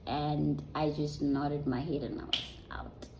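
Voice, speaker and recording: Slow, low-voiced woman. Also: flat delivery, noisy background. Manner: conversational and unhurried, trailing off with soft ums. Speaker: vlogger. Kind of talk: personal storytelling to viewers. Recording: roomy echo.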